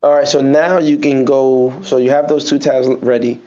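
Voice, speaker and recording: A man hosting a podcast in casual chat, giving quick, playful instructions in a gravelly, husky voice. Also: mid-range voice, fairly even intonation, warm tone. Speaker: podcast host. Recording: dull lo-fi audio.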